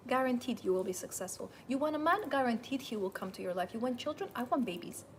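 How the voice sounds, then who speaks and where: Animated woman giving a seminar. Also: fairly high pitch, quick pace, a little hiss or hum, low-quality recording. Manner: animated, emphatic, repeats itself. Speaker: seminar host. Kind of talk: live seminar talk.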